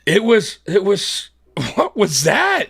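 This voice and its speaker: A man's voice: sits high, wildly swooping pitch, takes it slowly, fairly bright tone, husky, no room sound, clean studio sound. A man hosting a casual sports talk show, heated and swearing often, with frequent laughter. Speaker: podcast host.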